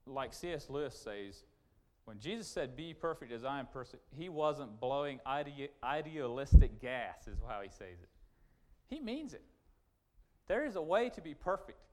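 A man preaching a sermon, emphatic and repetitive, swinging from loud urgent points to quiet asides. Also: medium pitch, big pitch swings, moderate pace. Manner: emphatic, repetitive restarts, rising and falling sharply.

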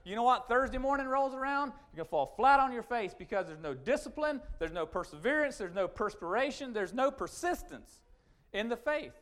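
A man preaching a sermon, emphatic and repetitive, swinging from loud urgent points to quiet asides. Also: extremely high pitch, lively intonation, brisk. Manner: emphatic, repetitive restarts, rising and falling sharply.

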